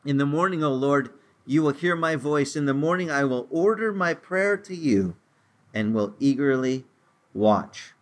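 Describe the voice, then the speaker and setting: A man preaching a sermon as a pastor, conversational and earnest, with frequent repeated words and his voice climbing higher as he gets stirred up. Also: lively intonation, unhurried.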